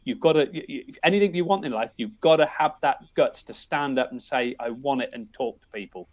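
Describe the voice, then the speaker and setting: With a medium-pitched voice at a fairly quick pace, this middle-aged English podcast guest recounts family tales. He rambles casually, restarting often and peppering his speech with "you know."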